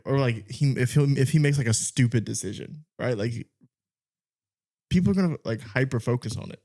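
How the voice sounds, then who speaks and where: A man's voice: medium pitch, animated, a little fast, a little mellow. A man in his thirties co-hosting a podcast, rambling casually with lots of fillers and trailing thoughts. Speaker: podcast co-host. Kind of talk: casual chat.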